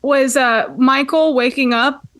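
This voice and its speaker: A woman's voice: high-pitched, steady tone, slow, a bit bright. A woman co-hosting a podcast, chatting casually with bubbly, giggly reactions. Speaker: podcast co-host. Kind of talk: casual chat.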